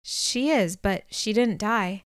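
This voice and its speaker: A calm, reserved young man from a storybook, as a woman reads him, with plain, quiet replies. The sound is dry and close, and the pitch sits in a middle range. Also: slow, no echo, natural voice.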